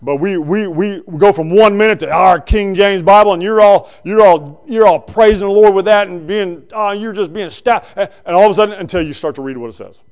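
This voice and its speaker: A male preacher giving a conversational sermon that swings between loud bursts and quiet asides. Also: high-pitched, brisk, hardly any pauses, clean tone.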